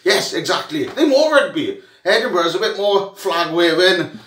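A man's voice: high-pitched, expressive, normal speed, a bit bright, slight background noise. Rowdy, breathless man. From Wales. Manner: boisterous, sweary, jokey banter. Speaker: rugby fan vlogger. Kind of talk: rowdy comic monologue to camera. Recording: echoey room, mic at a distance.

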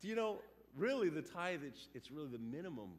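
Male pastor, animated sermon delivery, slightly higher voice. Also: fairly quick. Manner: animated, acts out quotes and sounds.

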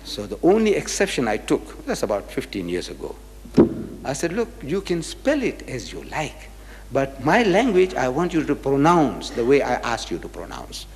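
A man's voice: medium pitch, wildly swooping pitch, normal speed. An older man from South Africa giving an emphatic religious lecture, firing rhetorical questions at his audience. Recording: hall with long reverb.

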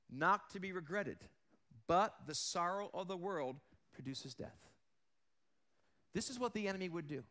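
High-voiced man preaching a sermon. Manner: earnest preaching, drops low and quiet for emphasis; asks the congregation questions. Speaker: pastor.

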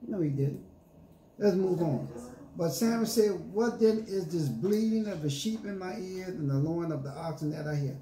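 The pastor's voice is high and mellow, moving at normal speed with lively intonation, and a little hiss or hum can be heard. He preaches a sermon in an echoey church with faint ambience, reading scripture, using call-and-response, and emphatically paraphrasing it in casual slang.

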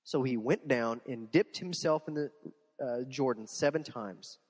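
A man preaching a sermon as a pastor, animated, with rhetorical questions and repeated phrases. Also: medium pitch, measured pace, breathy edge, long reverb tail. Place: church sanctuary.

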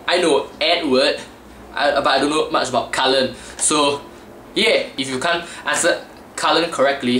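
A man's voice: a little high, a bit bright, slight background noise. A young man chatting casually in a vlog, rambling and losing his train of thought, with a cheeky edge. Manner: rambling, loses track, cheeky. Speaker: student vlogger. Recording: echoey room, mic at a distance.

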